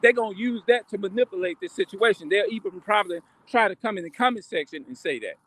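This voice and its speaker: A man with a fairly high voice delivers a rambling, preachy monologue from inside a truck. He circles back and repeats himself as he talks, with vehicle sounds behind him. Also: lively intonation, quick pace, fairly bright tone, no echo. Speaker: vlogger preaching. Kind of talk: casual religious monologue. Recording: vehicle noise, music in truck.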